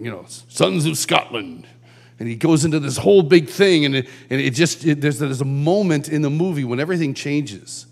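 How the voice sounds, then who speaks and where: Conversational man preaching at a conference. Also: mid-range voice. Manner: conversational, with acted-out shouts and quotes. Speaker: conference speaker. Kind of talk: sermon. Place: large church hall.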